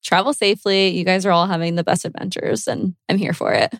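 A woman's voice: on the low side, steady tone, brisk, dry recording, studio quality. Upbeat woman podcast co-host. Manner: upbeat, reads listener notes. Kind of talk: casual podcast chat.

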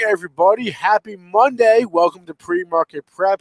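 A man's voice: on the high side, fairly quick, no room sound, faint music behind. A man with a cold giving a nasally voice, hosting a casual morning market show and running through the day's topics. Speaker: podcast host.

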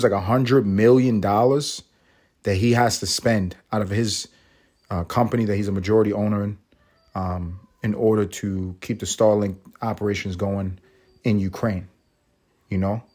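Profane, animated male podcast host. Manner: profane, animated, riffing with sudden high exclamations. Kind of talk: casual solo podcast rant.

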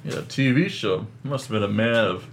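A man voicing a dry, deadpan male bounty hunter in a tabletop game. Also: fairly low pitch, moderate pace, a little hiss or hum, lightly acted.

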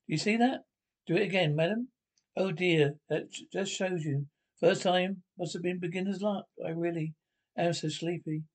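A tipsy, drowsy wine-taster in a 1960s British film comedy. His voice sits a little high, and his cheerful words slur toward sleep. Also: moderate pace.

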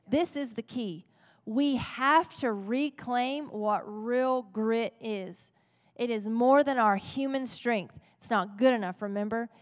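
A woman pastor preaching a sermon in a playful, conversational way, often checking in with the congregation. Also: a little high. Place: church sanctuary. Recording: long church reverb.

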